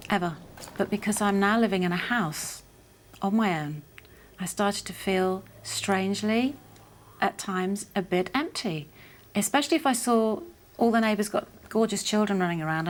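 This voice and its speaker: A woman voice-over artist talks about her life in an interview at an average pitch. Her talk is lively and reflective.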